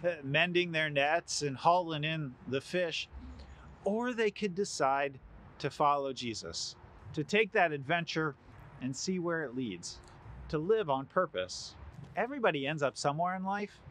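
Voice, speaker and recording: Male pastor, sermon delivery, animated storyteller, lively pitch swings. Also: measured pace, a little hiss or hum. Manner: animated storytelling, acts out quoted lines.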